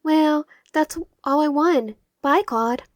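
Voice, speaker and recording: A woman's voice: sits high, slow pace, no echo, clean studio sound, voice pushed up. A woman reading as a snippy twin sister.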